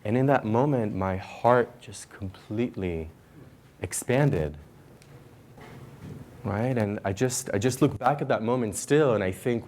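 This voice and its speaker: Man, slightly low voice, leadership coach, conversational stage talk, gentle guiding, storytelling. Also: a little slow. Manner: gentle, calm guiding, then animated storytelling. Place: stage before a live audience.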